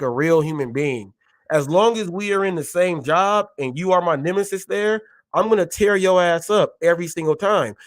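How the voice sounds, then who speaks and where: A man's voice: on the high side, a bit bright, no echo. A man hosting a gig-economy show, ranting with emphatic repetition and indignation. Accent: Californian English. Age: adult, a parent. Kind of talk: heated live commentary.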